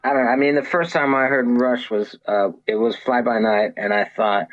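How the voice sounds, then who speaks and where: A man, a musician guest, sharing opinions in casual chat, hesitant and measured. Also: mid-range voice, fairly even intonation. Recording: muffled lo-fi call audio.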